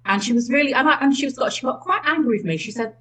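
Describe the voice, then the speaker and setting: A middle-aged woman with a Swindon accent, recounting events in casual, animated conversation. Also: high-pitched, quick pace, breathy edge, rough recording. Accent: English, Swindon. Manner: chatty, animated storytelling with restarts. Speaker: independent election candidate.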